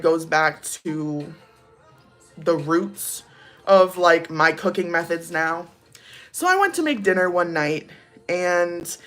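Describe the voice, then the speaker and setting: Low-voiced young woman telling a rambling story. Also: a bit bright. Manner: rambling, many "like" fillers, laughs through the story. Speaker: vlogger. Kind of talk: casual storytime chat.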